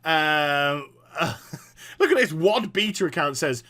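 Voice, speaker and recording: A man's voice: fairly high pitch, expressive, slow, sharp tone. A man giving a profane, exasperated reaction commentary as a gaming vlogger, sarcastic and cutting.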